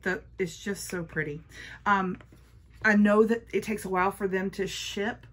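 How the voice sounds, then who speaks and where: A woman's voice: mid-range voice, steady tone, normal speed, a bit bright. A woman chatting casually through a makeup haul, gushing and repeating her praise. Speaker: beauty vlogger.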